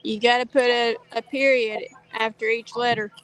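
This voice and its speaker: A woman's voice: fairly high pitch, level tone, normal speed, fairly bright tone, a little hiss or hum. A woman co-hosting a live stream, chiming in with helpful tips from a distance. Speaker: co-host. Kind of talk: casual live chat.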